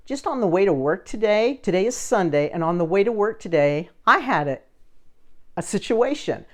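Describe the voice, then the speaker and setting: A woman's voice: mid-range voice, moderate pace. A woman vlogger telling a story to camera in a casual way, acting out the other people in it. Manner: animated, acts out the other people in her story. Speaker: vlogger running a social media page.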